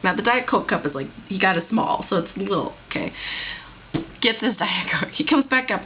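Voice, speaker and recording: A woman recounts a story from her job in a lively storytime vlog, sounding exasperated as she goes. Her voice sits at a middle pitch. The recording is dull and lo-fi. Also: a little fast, a little hiss or hum. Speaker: vlogger telling a work story.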